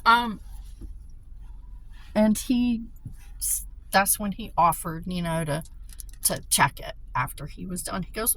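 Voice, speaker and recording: Woman, casual storytelling, excitable, swears a lot, bright voice. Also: medium pitch, slow, long pauses, slight background noise, poor audio. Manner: swearing, excitable, animated retelling. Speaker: vlogger.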